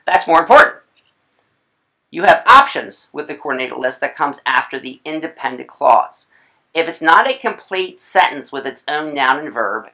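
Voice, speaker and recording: A writing instructor giving a recorded video lecture, chatty, with playful asides and quick self-corrections. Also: mid-range voice, bright, forceful tone.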